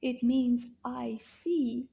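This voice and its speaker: A woman's voice: a little high, fairly even intonation, drawn-out words, creaky, mellow. A woman teaching a children's lesson, patient and encouraging, often repeating words. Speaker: French teacher for kids.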